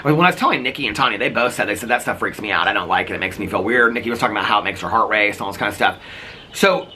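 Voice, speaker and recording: A man vlogging, retelling a hospital visit in a rambling, animated way, full of "like" fillers and acted-out quotes. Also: on the low side, very fast, a little hiss or hum. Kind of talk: casual storytelling to camera.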